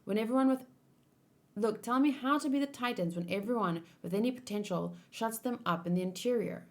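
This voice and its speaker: Woman reads a fiery young soldier, indignant and forceful, in a manga read-along. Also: a little high, a little fast, close to an everyday voice. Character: angry idealistic young male soldier.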